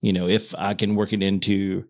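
A man in his thirties chatting casually on a podcast, stumbling and restarting his words when excited, laughing often. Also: low-pitched, moderate pace. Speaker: podcast co-host. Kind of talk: casual chat.

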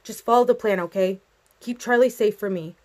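A woman's voice: medium pitch, a little fast, darkish tone, lightly acted. A woman reading a storybook voicing a tense young man giving urgent orders.

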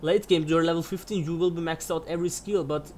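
High-voiced man ranting over gameplay. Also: fairly even intonation, quick pace, a little hiss or hum. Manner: angry ranting, heavy swearing. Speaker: gamer commenting on his own match. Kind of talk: gameplay commentary.

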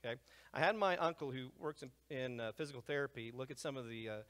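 A man giving an energetic lecture to a live audience, jumping between loud, excited asides and hushed remarks. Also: mid-range voice, fast talker. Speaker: speaker presenting to a live audience. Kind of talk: animated lecture. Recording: long hall reverb.

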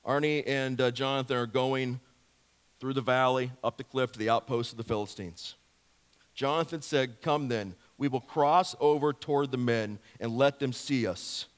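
A male pastor delivers a sermon in a mid-pitched voice, animated and playful as he spins a story and keeps asking the congregation questions. His words carry a long church reverb, the sound hanging in a large hall. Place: church sanctuary.

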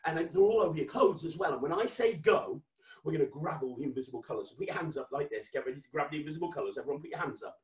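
A high, bouncy British male voice hosting a kids' magic party over video, swinging from mock-stern scolding to gleeful shouting. His pitch leaps all over the place. The sound is roomy and a little distant from the mic. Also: animated, rapid-fire. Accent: British English. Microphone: webcam.

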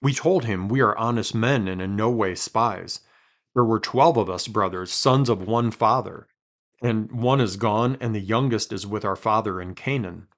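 A man hosting a podcast, reading scripture aloud with quiet dramatic emphasis and chatting between passages. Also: on the low side, moderate pace. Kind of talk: conversational Bible reading.

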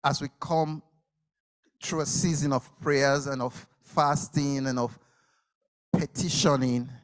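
A man's voice: medium pitch, slow pace. A man preaching a sermon, telling a story and acting out the people in it, sometimes dropping to a whisper. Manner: animated storytelling, acts out the people, drops to a whisper at quiet moments.

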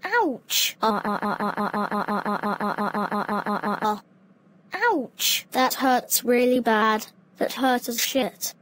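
A woman's voice: fairly high pitch, flat delivery, slow. A synthetic woman's voice with a British accent playing a bratty, defiant little boy in a cartoon, whiny and rude. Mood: angry. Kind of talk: text-to-speech cartoon dialogue.

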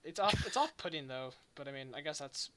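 A man's voice: on the high side, animated, a little fast, bright, forceful tone. A young man hosting a casual podcast chat, rambling and retelling stories with lots of filler words. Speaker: podcast host.

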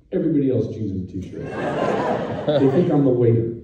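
A man, a film director, telling an animated anecdote on stage and slipping into voices of the people in it. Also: medium pitch, a little fast, far from the mic, narrow, tinny audio. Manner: animated storyteller doing voices of others. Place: festival venue with audience. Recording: echoey hall, mic from afar, audience.

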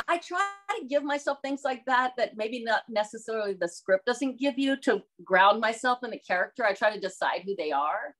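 A woman from the American South, middle-aged, talks through her work in a relaxed interview. She is lively and often laughs, slipping into other voices when quoting people. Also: on the high side. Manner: animated, laughs often, acts out quotes. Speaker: actress, interview guest. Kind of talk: casual interview chat.

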